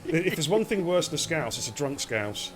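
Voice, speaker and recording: A man casually hosting a live online racing stream, relaxed and jokey as he talks to viewers. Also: fairly high pitch, moderate pace, noisy background. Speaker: esports race league host.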